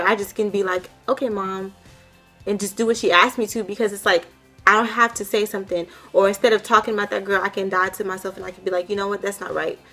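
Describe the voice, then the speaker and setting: A woman's voice: medium pitch, a bit bright. A young woman giving an emotional personal testimony, earnest and heartfelt, with many casual fillers. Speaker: vlogger sharing her testimony.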